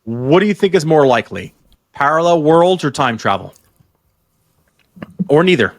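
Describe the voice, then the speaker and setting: A man's voice: a little high, big pitch swings, moderate pace, dry recording. Male podcast host, dry close sound. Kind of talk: casual chat.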